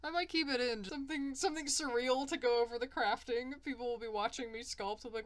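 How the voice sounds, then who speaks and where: A woman's voice: on the high side, fairly even intonation, fast talker, few pauses. A woman narrating a casual crafting vlog at home, chatty and self-mocking, often breaking into laughter. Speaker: crafting vlogger. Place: home apartment.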